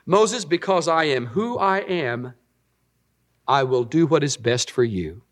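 A middle-aged man preaching a sermon as pastor, rising loud on points of emphasis. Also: medium pitch.

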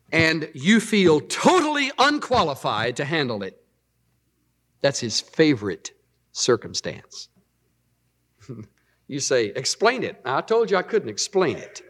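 A middle-aged man preaching a sermon in an animated, storytelling way. His pitch sits a touch high and swings widely. He talks to the congregation like he's chatting with them. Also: husky. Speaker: pastor.

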